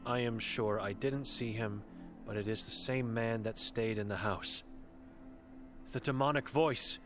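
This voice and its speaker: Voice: medium pitch, unhurried, natural voice. A voice actor playing a blind, mute old woman hermit in a video game, speaking in terse, broken, solemn sentences. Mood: grim. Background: game music.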